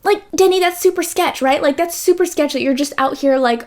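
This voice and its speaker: A woman's voice: sits high, a little fast. A woman casually reviewing a romance novel, talking emphatically, repeating her points and dropping slangy asides. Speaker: book reviewer. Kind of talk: casual book review chat.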